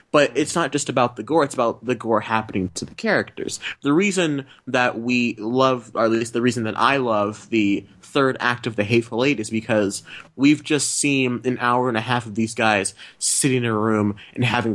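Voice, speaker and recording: A man's voice: medium pitch, a bit bright. A man hosting a film podcast, making long enthusiastic points about movies with frequent restarts. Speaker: podcast host. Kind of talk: casual film chat.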